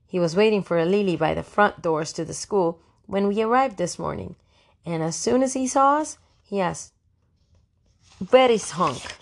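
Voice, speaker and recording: Woman reading a diary-style audiobook, lowish voice with some vocal fry, dry fussy teen attitude. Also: moderate pace. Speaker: audiobook narrator. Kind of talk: first-person diary narration.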